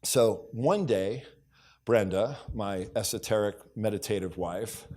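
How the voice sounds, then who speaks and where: A man's voice: fairly low pitch, takes it slowly, warm tone, slight background noise. Middle-aged man telling stage stories. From United States. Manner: storytelling, acts out dialogue, repeats catchphrases. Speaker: keynote speaker. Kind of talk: motivational keynote speech. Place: conference hall stage.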